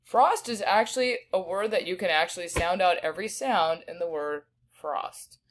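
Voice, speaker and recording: Woman teacher walking thru spelling words, lowish voice, sounds out every word real slow. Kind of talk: recorded spelling lesson.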